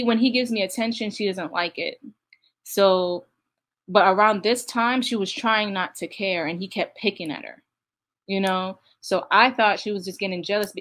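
A woman's voice: medium pitch, fairly bright tone. A woman speaks candidly as she comments on a clip, explaining her own thoughts along the way. Her voice sits in an ordinary middle range. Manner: candid, laughs while recounting. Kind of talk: casual reaction commentary.

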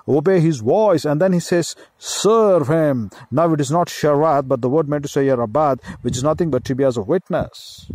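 A man's voice: on the high side, a little mellow, no echo. A man preaching a sermon, teaching with emphatic repetition and Hebrew word studies.

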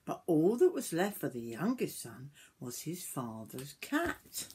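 An older woman reading a picture book aloud to children, gentle and stopping to point at the pictures. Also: deep voice, very animated, unhurried, breathy edge. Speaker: storyteller grandmother.

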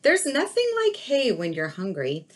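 A woman voicing a cheerful, hungry horse in a children's picture book, bouncy and bright. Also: medium pitch, huge pitch swings, normal speed, a little hiss or hum.

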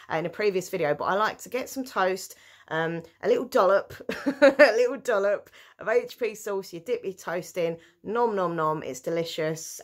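A woman chatting casually through a shopping haul, giggling and breaking into excited cheers. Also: on the low side. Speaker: vlogger.

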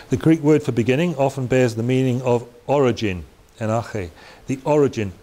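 A man's voice: medium pitch, normal speed, dark tone. A man giving a Bible teaching talk in a conversational way, with chatty asides and restarts. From Wales. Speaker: preacher. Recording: faint hiss.

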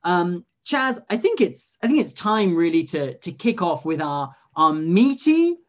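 A man's voice: high voice, sing-song, normal speed, highs cut off. Stammering, bumbling spoof newsman. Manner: stammering, flustered, bumbling delivery. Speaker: co-host of a spoof news show. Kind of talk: comic news presenting.

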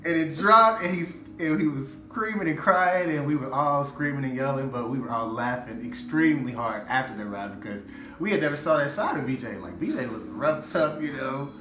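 A young man giving a casual spoken tribute to his brother, telling a story in a lively, earnest way. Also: medium pitch, a little fast. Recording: echoey room with background hiss.

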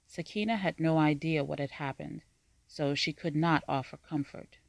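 Measured storyteller with a dry, close sound. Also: mid-range voice, vocal fry, dry recording. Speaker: narrator. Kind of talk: scripted audiobook narration.

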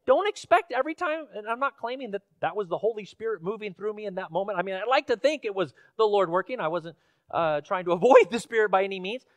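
Brief: high-voiced male pastor, chatty storytelling sermon, dry close sound. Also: animated, fast, no echo, lo-fi sound. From Washington State, USA. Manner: conversational storytelling with fillers, rising to emphatic questions. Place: church sanctuary.

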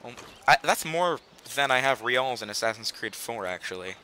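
This gaming channel host is a teenage boy whose mid-range voice has lively intonation and a normal speed, recorded against a noisy background. His let's play commentary is laid-back, rambling and goofy, with sentences that drift off unfinished.

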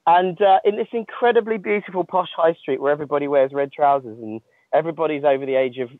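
A man's voice: a little high, fast, dry recording. A man, an ultramarathon runner calling in from the trail, telling his story in a self-mocking, laughing way. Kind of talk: casual phone chat. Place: outdoors on a long-distance trail. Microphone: phone. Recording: dry tinny phone line.

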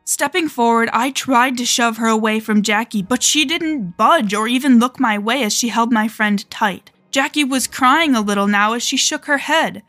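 A woman's voice: on the high side, moderate pace, few pauses, a bit bright, dry recording. Southern-accented woman, horror podcast narrator; tense, dramatic delivery, dry close mic. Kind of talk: first-person horror narration.

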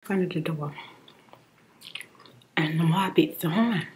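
A woman whispering a personal story in soft-spoken ASMR style while chewing gum, candid and heated. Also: sits low, unhurried, noisy background.

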